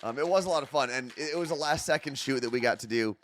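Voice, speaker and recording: A man's voice: mid-range voice, fast, a little hiss or hum. A man co-hosting a casual morning show, joking and poking fun at himself. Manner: joking, self-mocking. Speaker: podcast co-host.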